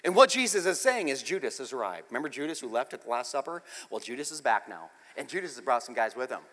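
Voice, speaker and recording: A man preaching a sermon, telling the story with acted-out quotes and swinging from hushed, intimate passages to loud, shouted ones. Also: medium pitch, sing-song, quick pace, big-room sound. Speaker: pastor.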